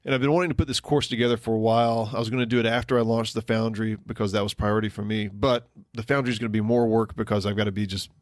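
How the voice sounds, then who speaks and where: Quick talking podcast guy, lowish voice, lots of ums, dry close sound. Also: steady tone, no room sound. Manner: rambling, with many ums and restarts. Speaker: podcast co-host. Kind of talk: casual podcast chat.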